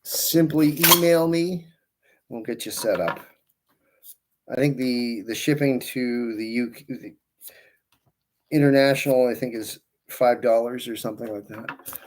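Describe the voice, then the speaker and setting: A balloon twister streaming live talks in a mid-range voice, unhurried and with long pauses, over a faint hiss or hum. He greets viewers by name, rambles through friendly asides, and keeps his hands working while he speaks.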